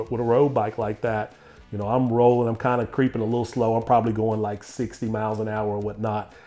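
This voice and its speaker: A man hosting an interview, telling a personal story in a lively, laughing way. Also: mid-range voice. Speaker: interview host. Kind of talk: casual storytelling chat.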